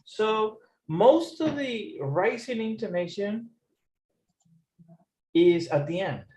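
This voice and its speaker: A man's voice: sits high, animated, takes it slowly, mellow. A man teaching an English lesson, patiently repeating phrases and explaining rising intonation. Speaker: English tutor.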